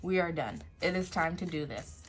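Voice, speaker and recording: Tough bodyguard spirit guides talking like mobsters, a woman doing them, blunt, a bit lower. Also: animated, moderate pace.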